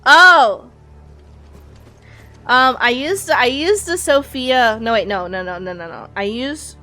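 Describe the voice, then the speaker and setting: Young woman streamer, bright tone, a little high, chatty, self-correcting, reads text aloud. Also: slow pace, faint music behind. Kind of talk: casual gameplay chat and reading aloud.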